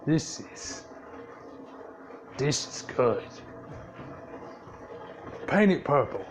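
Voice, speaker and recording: A man's voice: fairly high pitch, lively intonation, a little slow, noisy background. A man voicing a brutal, menacing male ork warboss who talks in crude ork slang. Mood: gruff.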